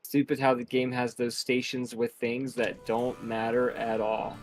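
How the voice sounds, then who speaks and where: A man's voice: mid-range voice, flat delivery, measured pace, faint music behind. Chatty man co-hosting a game stream. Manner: joking, chatty, reads chat aloud. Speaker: streamer co-host. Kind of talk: casual stream chat.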